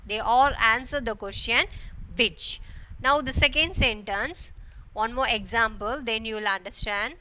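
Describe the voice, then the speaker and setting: Slow, bright-voiced woman teacher. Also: fairly high pitch, poor audio. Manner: repeats each phrase, checks in with frequent "okay". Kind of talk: online grammar lesson for schoolchildren.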